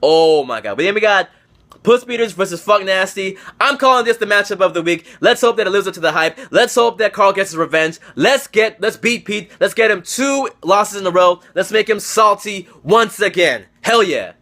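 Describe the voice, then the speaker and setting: Excitable profane young man, high bright voice. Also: normal speed. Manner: profane, excitable, teasing league friends; repeats phrases for emphasis. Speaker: host of a fantasy football league recap. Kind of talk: casual recap monologue. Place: indoors, seated on camera.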